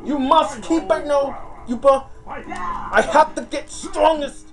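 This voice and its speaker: A man playing a fighting game who coaches himself out loud, yelling, swearing and urging himself on in a frantic way. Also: extremely high pitch, takes it slowly, over music. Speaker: gamer.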